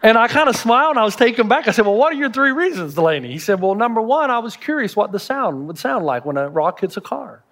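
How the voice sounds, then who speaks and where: In a reverberant hall, a male pastor preaches a sermon, telling stories and acting out the voices of the people he quotes. His high, slightly bright voice swings widely in pitch, and he speaks fast with few pauses.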